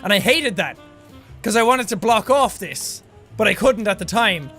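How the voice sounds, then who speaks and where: An Irish man casually reacting to his old videos, excitable and self-deprecating, with quick exclamations. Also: high-pitched, soft background music. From Ireland.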